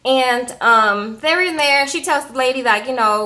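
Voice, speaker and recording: A young woman recapping a reality show in a casual, animated way, tossing in "okay?" and "girl" as she goes. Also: high-pitched, measured pace, hardly any pauses.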